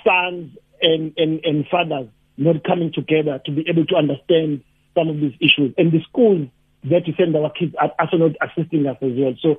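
Husky man on a tinny phone line. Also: a little high, steady tone. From South Africa. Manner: halting, with many restarts. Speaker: guest, gender activist and lecturer. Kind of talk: radio phone-in discussion.

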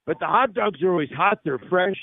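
A man's voice: high voice, animated, a little fast, vocal fry. A man hosting a live radio show on location, talking up a restaurant with jokey, salesman-like patter. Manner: upbeat salesman-like delivery, jokey. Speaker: radio talk show host. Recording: narrow phone-like radio audio, dry.

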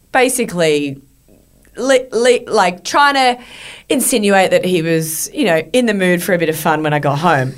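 A middle-aged woman with a lowish voice hosts a podcast in a casual, chatty style. She spins lively, animated stories, cursing freely and laughing a lot.

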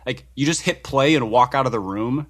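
A man's voice: mid-range voice, moderate pace, a bit bright. A man co-hosting a podcast, joking in sardonic, self-mocking casual banter. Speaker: podcast co-host.

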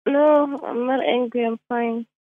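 A woman's voice: on the high side, fairly even intonation, measured pace, dry recording. A woman on a phone call, giving short, guarded answers with some amusement. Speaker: prank call victim. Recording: tinny phone line.

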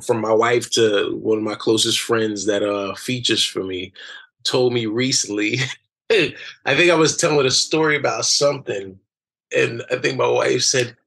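An excitable middle-aged man chatting in an interview, his voice bright and forceful. He stumbles through restarts and keeps sliding into other people's voices as he talks. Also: mid-range voice, creaky. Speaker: impressionist guest.

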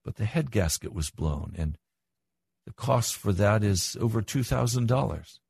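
A man's voice: lively intonation, unhurried, creaky, darkish tone, husky, no echo. An older man preaching a sermon as pastor, earnest, with his voice rising for emphasis. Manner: earnest, rises in pitch for emphasis.

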